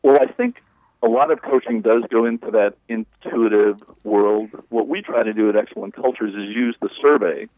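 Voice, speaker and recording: A man's voice: fairly low pitch, moderate pace, no room sound. A leadership coach explaining his approach in an interview, in a folksy, conversational way. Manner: folksy, conversational, acts out client quotes. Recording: tinny phone line.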